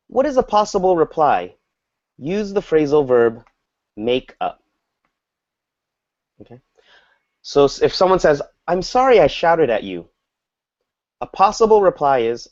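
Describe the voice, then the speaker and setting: Man, English teacher, patient, explains slowly, acts out examples, muffled lo-fi sound. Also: a little high, very animated, a little mellow. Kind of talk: online group language lesson. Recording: dull lo-fi audio.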